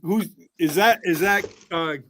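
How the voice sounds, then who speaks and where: A man's voice: high-pitched, unhurried, a bit bright. A man hosting a stream panel, talking in brash, trolling, foul-mouthed banter. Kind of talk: casual profane banter.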